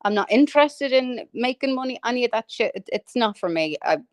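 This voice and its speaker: A woman's voice: a little high, animated, a little fast, dry recording, clean studio sound. A woman in casual livestream chat, talking animatedly, swearing freely and laughing as she rants.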